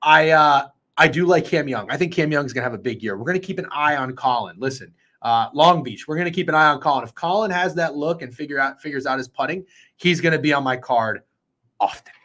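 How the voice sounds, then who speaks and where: A man hosting a sports betting show, talking in an excitable, profane, rambling way. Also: on the high side, brisk. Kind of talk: casual sports betting chat.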